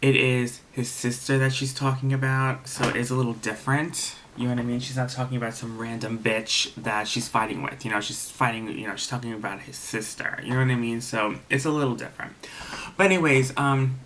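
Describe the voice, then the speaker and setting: A tired man recapping a reality TV episode late at night, talking low, rambling and gossipy with lots of fillers. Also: fairly even intonation, brisk, fairly bright tone, slight background noise. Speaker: TV episode reviewer. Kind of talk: casual recap vlog.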